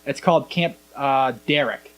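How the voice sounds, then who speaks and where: Speaking at normal speed in a mid-range voice, a young male podcast host chats casually while recounting scenes. He tells them with animation, performing the quoted lines himself.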